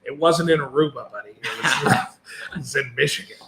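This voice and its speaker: A man's voice: medium pitch, brisk, a bit bright, a little hiss or hum. A man co-hosting a casual live-streamed chat show, jokey and rambling. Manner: chatty, jokey, rambling asides. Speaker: co-host. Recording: echoey room.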